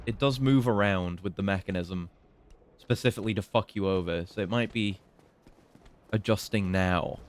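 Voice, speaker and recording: A young British man giving casual, chatty commentary while streaming a game, swearing and teasing enemies. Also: lowish voice. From Britain.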